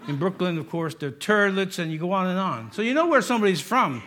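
A man's voice: high-pitched, big pitch swings, fast talker, fairly bright tone. A middle-aged man with a New York accent, a pastor preaching a sermon in a joking, conversational way with asides.

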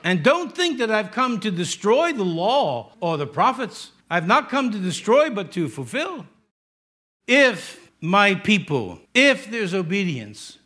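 Middle-aged pastor, New York accent, ringing tone, chatty sermon full of wisecracks. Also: male voice, sits high, sing-song, slow, sharp tone. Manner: joking, conversational preaching with asides.

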